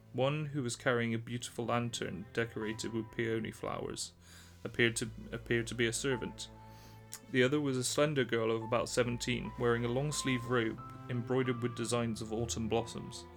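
Calm male storyteller over soft music. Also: mid-range voice. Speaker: narrator. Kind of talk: storybook reading.

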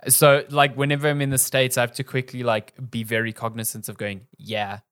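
An easygoing man co-hosting a casual podcast. He talks in a relaxed way, working his thoughts out aloud at an ordinary middle pitch. The recording is close and dry. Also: fairly quick, smooth, no room sound. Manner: easygoing, conversational, thinks aloud. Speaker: podcast co-host. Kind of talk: casual chat.

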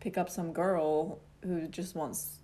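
A woman's voice: lowish voice, fairly even intonation, takes it slowly, mellow. A young woman in a casual talk, animatedly recounting a personal story and laughing often as she tells it. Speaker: guest telling a personal story.

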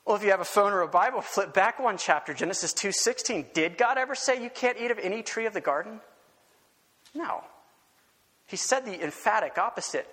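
A male pastor preaching an animated sermon full of rhetorical questions and emphatic repetition, recorded in a church sanctuary with a long reverb. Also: high voice, brisk.

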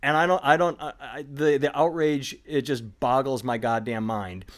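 Middle-aged male podcast host, rambling animated storyteller, casual comedy chat. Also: mid-range voice, moderate pace. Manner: rambling, animated storytelling with sudden voiced impressions.

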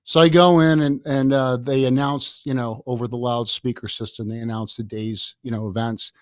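A man in his sixties from the Chicago area, telling stories as a podcast guest in a lively way, often laughing and repeating words. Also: medium pitch, normal speed, no echo, clean studio sound. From Chicago area, USA. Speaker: guest, author. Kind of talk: anecdotal storytelling in a podcast interview.

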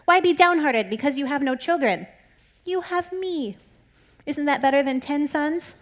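A woman reading out the lines of a tactless husband in a Bible story, in a higher, brighter voice. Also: animated, a little slow. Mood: puzzled.

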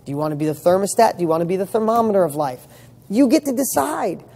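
Husky, mellow man coaching with rhetorical questions. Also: high-pitched, expressive, quick pace. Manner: emphatic, fires rhetorical questions, casual swearing. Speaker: motivational coach for real estate students. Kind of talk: motivational talk to camera.

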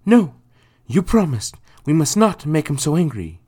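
A man voicing an anxious, frightened mother in a high, strained falsetto, speaking slowly and pleadingly. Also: lively intonation, a little mellow, slight background noise. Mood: frantic. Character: anxious frightened mother, middle-aged woman.

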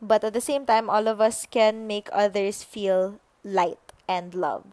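A young woman hosting a solo podcast, musing unhurriedly with pauses and fillers. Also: mid-range voice, fairly even intonation, a little mellow, dry recording. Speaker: podcast host. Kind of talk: reflective solo podcast talk.

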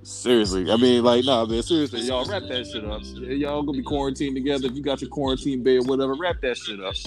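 A man's voice: mid-range voice, steady tone, quick pace, over music. A man hosting a podcast, chatting casually with a loose, profane, laid-back manner and a Southern US accent. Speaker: podcast host.

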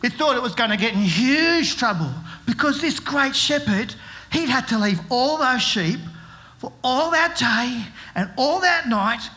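A man's voice: extremely high pitch, lively intonation, unhurried, pushed and bright. A middle-aged man giving a playful children's talk at a church service, telling a story with jokes and asking the kids questions. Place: church service with live audience.

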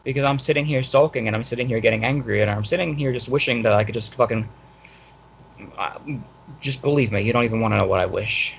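Gravelly, fast-ranting angry man. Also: mid-range voice, slight background noise. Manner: angry, ranting, profane, repeats himself. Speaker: guest. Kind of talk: casual podcast chat.

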